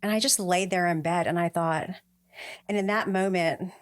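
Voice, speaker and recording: A woman's voice: fairly even intonation, moderate pace. A middle-aged woman, a podcast guest, telling a personal story in a heartfelt way and lifting her voice when she quotes others. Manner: heartfelt, acts out quoted voices with a lifted pitch.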